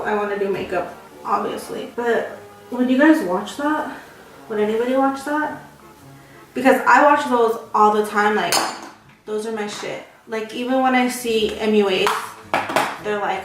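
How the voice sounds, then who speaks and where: A woman's voice: fairly high pitch, measured pace, faint music behind. A young woman in her twenties chatting casually while doing her makeup for a get-ready-with-me vlog, rambling and poking fun at herself. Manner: chatty, rambling, self-mocking. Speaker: beauty vlogger. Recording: very echoey room, from far off.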